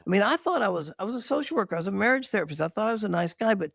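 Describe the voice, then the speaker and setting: Animated gravelly middle-aged man. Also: high voice, very fast, dry recording, studio quality. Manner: animated, earnest testimony with self-deprecating laughs. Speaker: marriage therapist guest. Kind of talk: candid storytelling interview.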